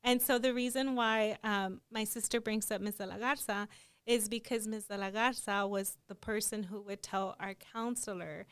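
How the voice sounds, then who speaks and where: A young adult woman co-hosting a podcast, talking in an animated, chatty way with lots of "like" fillers. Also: mid-range voice, moderate pace, clean tone. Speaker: podcast co-host. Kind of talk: casual conversational chat.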